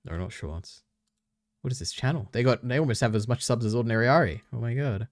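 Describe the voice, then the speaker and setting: A man's voice: medium pitch, quick pace, no room sound, studio quality. A young man streaming, reacting to videos in an offhand, chatty way and thinking aloud.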